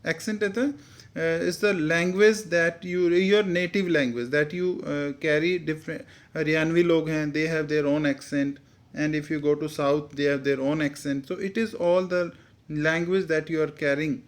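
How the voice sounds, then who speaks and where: A man's voice: a little high, fairly even intonation, fairly quick. A man with an Indian English accent teaching, reading a textbook story aloud and re-explaining each line in simple words, with Hindi asides.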